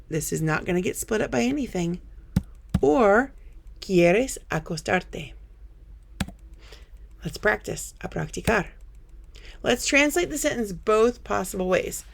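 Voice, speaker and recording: A woman teaching a Spanish grammar lesson over slides, patiently explaining step by step and telling students to pause and practice. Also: medium pitch, gravelly, a little hiss or hum.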